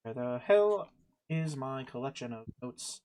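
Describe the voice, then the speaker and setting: A man's voice: medium pitch, lively intonation, a little slow, darkish tone. Rambling man running a tabletop game. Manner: rambling, laughs at himself, loses track. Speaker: game master. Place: home recording for a livestream.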